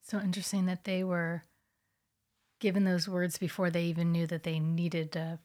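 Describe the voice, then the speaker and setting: A woman co-hosting a casual chat about faith, speaking in a reflective, soft-spoken way. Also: fairly low pitch, flat delivery, normal speed.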